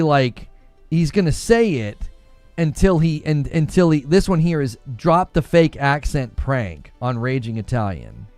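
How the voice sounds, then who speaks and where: A man hosts a gaming news podcast in loose, casual chat. His voice sits a little high and swings around animatedly, rambling through fillers and easy laughs. The sound is dry and close, with faint music underneath. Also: darkish tone, dry recording.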